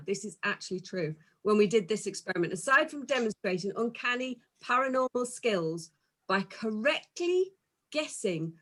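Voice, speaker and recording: Animated giggly woman compering a gig. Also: fairly high pitch. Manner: giggly, animated, jokey introductions. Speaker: compere of an online comedy gig. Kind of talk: comedy compering. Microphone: video call.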